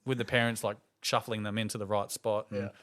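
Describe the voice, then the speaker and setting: On his casual chat podcast, an Australian host in his thirties spins funny stories, acting out each person's voice with animation. His voice is on the low side and his delivery brisk.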